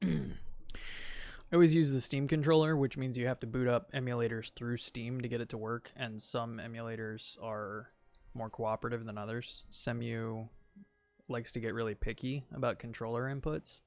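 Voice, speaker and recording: A man streaming a video game, casually ranting and insisting on his point, sometimes trailing off quietly. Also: mid-range voice, steady tone, moderate pace.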